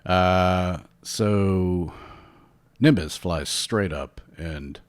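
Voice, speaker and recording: A man narrating as game master for a tabletop game, relaxed and rambling with many fillers. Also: low-pitched, very slow.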